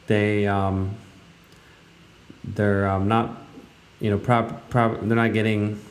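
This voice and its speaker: A man's voice: on the low side, little pitch movement, takes it slowly. A man hosting a radio talk show, giving casual, rambling commentary in a blunt way with many fillers. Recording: roomy, echoey room.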